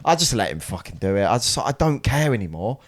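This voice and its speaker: A young man, a podcast co-host who tells an animated, self-mocking story with lots of swearing. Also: on the low side, quick pace. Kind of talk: casual chat, storytelling.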